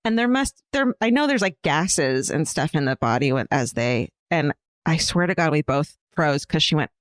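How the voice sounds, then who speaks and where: A woman co-hosting a comedy podcast, reading out a listener's story and telling her own anecdotes in a lively, casual way, laughing often and swearing freely. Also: low voice, moderate pace, no echo, studio quality. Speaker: podcast co-host.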